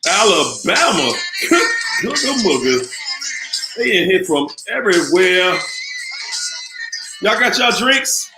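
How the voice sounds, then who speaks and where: A man from the Washington, D.C. area hosting a casual live online show, chatty and upbeat as he shouts out viewers by city. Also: high voice, sing-song, slow, pauses often, roomy sound, loud music behind the voice, low-quality recording. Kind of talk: casual live-stream chat.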